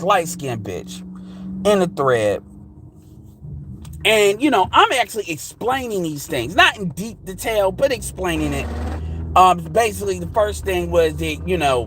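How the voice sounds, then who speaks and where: A man's voice: high-pitched, a bit bright, a little hiss or hum, low-quality recording. A man talking straight to viewers in a blunt, profane, heated rant, sometimes mimicking other people in quoted asides. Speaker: vlogger. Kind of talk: ranting monologue to viewers.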